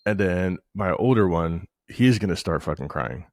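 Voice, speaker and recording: Man, 30s, deep dry voice, profane rambling podcast co-host. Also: moderate pace, no echo. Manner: profane, rambling, animated storytelling. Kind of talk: casual banter.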